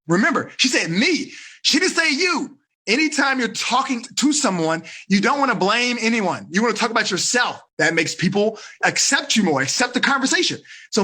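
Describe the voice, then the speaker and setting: Male teen life coach, animated teaching style, bright husky voice. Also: very high voice, normal speed, hardly any pauses. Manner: animated, acts out dialogues, asks thumbs up or down.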